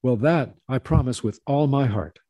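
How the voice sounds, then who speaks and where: A man's voice: mid-range voice, normal speed, no room sound, muffled recording, voice pushed up, lightly acted. A man voicing a drunken peasant thief who begs and insists, in a raised, emphatic voice. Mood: insistent.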